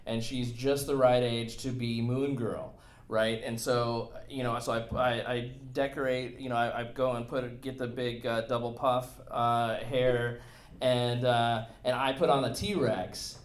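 A man's voice: mid-range voice, flat delivery, unhurried. A man hosting a casual podcast chat, rambling with lots of fillers and restarts. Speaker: podcast host. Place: convention venue. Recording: echoey room.

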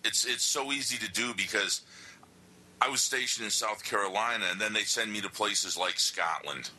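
A man's voice: on the low side, moderate pace, bright, forceful tone, slight background noise, rough recording. A man who served in the Navy, telling stories as a podcast guest in casual chat.

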